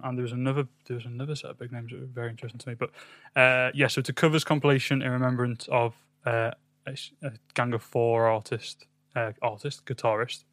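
A man's voice: medium pitch, a bit bright, dry recording. A man co-hosting a casual music podcast, rambling and hesitant, with lots of ums. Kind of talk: casual chat.

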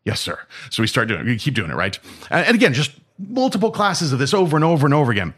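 Lively male guest storyteller, voice swings up and down, keeps checking in with "right?". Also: fairly high pitch, racing, slightly rough. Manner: animated, acts out dialogue, says "right?" often. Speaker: martial arts instructor and guest. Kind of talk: casual storytelling.

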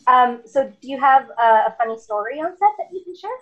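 Woman host asking stuff casually, fairly high voice, lots of ums. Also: brisk, highs cut off. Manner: relaxed, asks questions with fillers. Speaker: podcast host. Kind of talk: casual interview chat.

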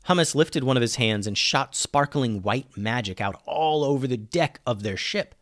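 A man narrating a children's adventure tale in an average-pitched voice. He reads with lively energy, sinking quieter and lower on each "he said". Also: moderate pace, no room sound, clean studio sound. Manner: lively, dropping low and quiet on narration tags. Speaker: storyteller. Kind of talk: reading a children's adventure story aloud.

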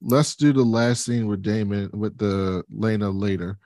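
A man's voice: fairly low pitch, measured pace, warm tone, no echo, studio quality. A man co-hosting a podcast, casually and profanely retelling a TV scene and acting out the dialogue. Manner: laid-back, profane, acts out scenes with raised voices. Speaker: podcast co-host. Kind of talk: casual TV recap chat.

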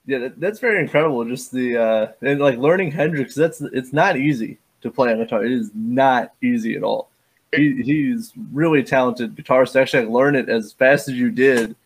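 A man hosting a podcast, reacting eagerly and talking in halting bits with many fillers. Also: medium pitch, slightly rough. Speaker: podcast host. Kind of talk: casual interview chat.

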